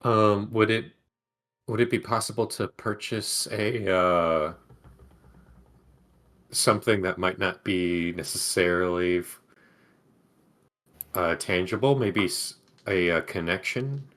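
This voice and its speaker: A man's voice: deep voice, fairly even intonation, slow pace, pauses often, fairly bright tone. A man playing a tabletop game, asking questions tentatively and searching for words. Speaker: player. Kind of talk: casual tabletop game talk.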